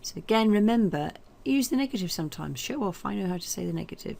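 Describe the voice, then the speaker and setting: A woman's voice: mid-range voice, expressive, quick pace, creaky, darkish tone. A woman teaching French, explaining at length in a chatty way with fillers and hesitations. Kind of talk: recorded language lesson.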